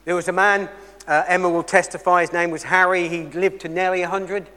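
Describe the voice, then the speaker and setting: A man preaching a sermon, telling a story earnestly and moving between loud emphasis and quiet intensity. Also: high-pitched, little pitch movement, brisk, long reverb tail.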